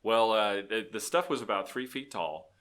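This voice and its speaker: A middle-aged man, a guest telling animated work stories with many restarts. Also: lowish voice, moderate pace, smooth. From Texas. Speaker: guest, business owner. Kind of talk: casual storytelling.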